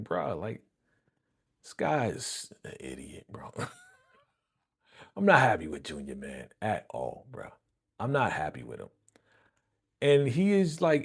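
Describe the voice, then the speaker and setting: A man hosting a reaction video, chatting casually and slangily to viewers, chuckling and repeating himself as he breaks down an episode. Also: fairly low pitch. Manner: frequent chuckles and repeated phrases. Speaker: reaction channel host.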